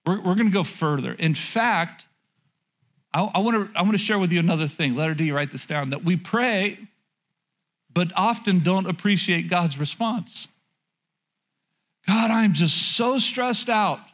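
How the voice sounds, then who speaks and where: Chatty preaching man, fairly high voice. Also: normal speed, a bit bright. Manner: conversational, repeats phrases, asks the congregation questions; candid and lightly joking. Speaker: pastor. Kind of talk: sermon.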